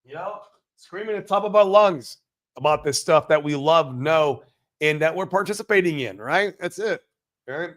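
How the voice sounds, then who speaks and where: A man hosting a casual crypto livestream, brash and profane, swinging between loud hype and mumbled asides as he reads chat comments. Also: on the high side, normal speed.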